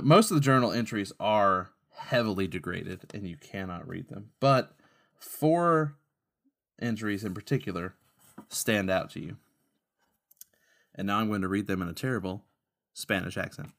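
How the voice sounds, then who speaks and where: A man running a tabletop role-playing game as game master, talking in a casual, halting way with frequent self-corrections. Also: lowish voice, a bit bright.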